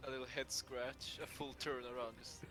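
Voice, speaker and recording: A man's voice: medium pitch, level tone, normal speed, music in the background. A man playing a tabletop game over voice chat, plainly describing his character's actions. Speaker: player. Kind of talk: casual banter at a game table.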